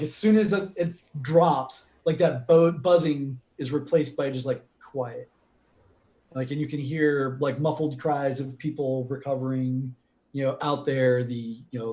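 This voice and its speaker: A man narrating a tabletop role-playing game as game master, telling the action in a loose, animated way with many fillers. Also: fairly high pitch. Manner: animated, filler-heavy storytelling.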